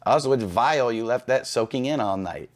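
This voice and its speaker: A man reads forum posts aloud in a casual commentary voice and keeps breaking off to react. He is blunt and swears freely. His voice sits at an ordinary middle pitch for a man. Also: lively intonation, brisk. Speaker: online reaction video host.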